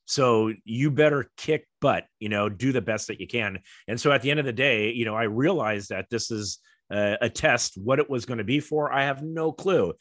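Middle-aged American man, interview guest, rambling storyteller, mid pitch, dry. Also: a little fast, fairly bright tone, no echo. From United States. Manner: rambling, many fillers, acts out quoted voices. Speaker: guest, former Olympic kayaker.

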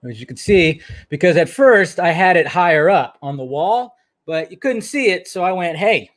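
A man with a slightly higher voice hosts a live stream in an easygoing, chatty way. He greets his viewers one by one and drops the occasional curse word. His talk stays loose and unscripted. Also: animated, normal speed. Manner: swears casually. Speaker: livestream host.

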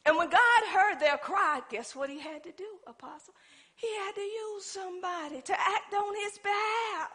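A woman delivers a sermon in a very high, bright and forceful voice. She talks in a folksy, emphatic way and keeps turning to the congregation for a response. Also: normal speed. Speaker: preacher.

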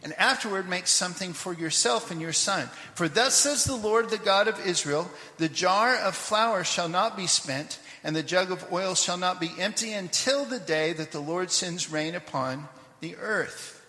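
A man preaching a sermon, telling a scripture story in a lively way with asides to the congregation; he grew up in Papua New Guinea. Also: high voice, moderate pace, roomy sound, in a large hall. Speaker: pastor. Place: church sanctuary.

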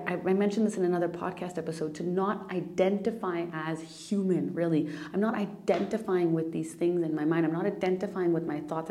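A woman's voice: on the low side, mellow. A woman hosting a personal spiritual podcast, talking earnestly and emotionally, near tears, often restarting and repeating phrases. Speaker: podcast host.

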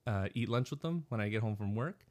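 A man co-hosting a podcast, telling stories in a casual, animated way and laughing often. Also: on the low side, a little fast. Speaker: podcast co-host. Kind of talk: casual chat.

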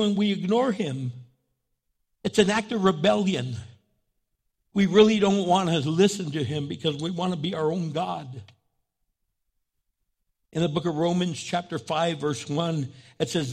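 A man's voice: high voice, normal speed. A man pastor giving a sermon in a conversational preaching style, repeating phrases and restarting often.

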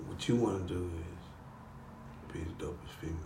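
A man's voice: low-pitched, moderate pace, reverberant, distant mic, background noise. A man producing a studio session, coaching a rapper in a blunt, insistent, profane way. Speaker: music producer.

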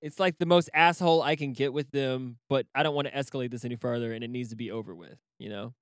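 A man's voice: mid-range voice, fast talker, no room sound, studio quality. A man co-hosting a casual podcast chat, rambling, swearing freely and laughing often. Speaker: podcast co-host.

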